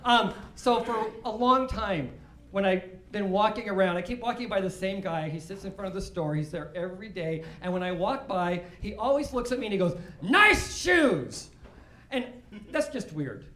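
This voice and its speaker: A man's voice: high-pitched, moderate pace. A man from Seattle doing a stand-up comedy set before a live audience, telling dry, self-deprecating stories and often laughing. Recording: roomy club sound.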